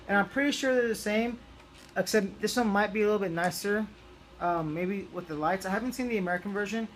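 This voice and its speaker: A man's voice: high-pitched, slight background noise. A young man chatting casually through a toy review, rambling with lots of ums and restarts.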